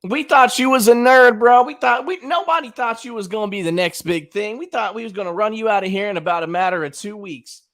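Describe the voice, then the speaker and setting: A man's voice: high-pitched, expressive, fast talker, few pauses, fairly bright tone. A man hosting his own livestream, casually trash-talking a rival in colloquial slang and talking straight to his chat. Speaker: channel host.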